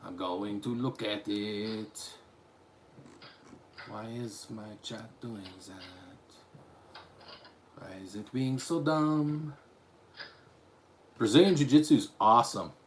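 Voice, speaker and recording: A man's voice: on the low side, takes it slowly, long pauses. Rambling man chatting with his stream. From Utah, USA. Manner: rambling, talks straight to chat with restarts. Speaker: live streamer reading chat. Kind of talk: casual live-stream chat.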